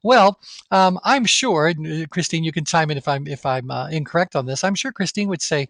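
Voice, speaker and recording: A man with a slightly higher voice leads a live online training class. He talks casually, thinks out loud and throws questions to his students, recorded close and dry with no room sound. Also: a little fast, dry recording. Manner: conversational, thinks aloud with restarts, asks the class questions. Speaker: course instructor.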